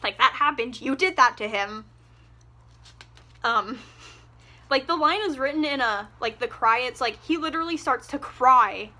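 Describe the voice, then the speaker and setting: A woman's voice: sits high, animated, measured pace, pauses often, sharp tone. A young woman giving a casual, ranting book review, exasperated and sarcastic, swearing freely.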